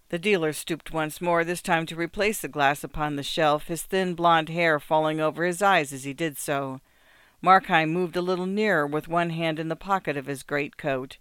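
A narrator reading classic fiction aloud in a measured, even storytelling manner. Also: medium pitch, clean tone, no room sound.

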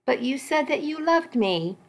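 A woman's voice: high-pitched, animated, measured pace, voice pushed up. A woman reading the lines of a jealous, desperate young man who pleads and whines, in a story read aloud. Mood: pleading. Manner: pleading and whining.

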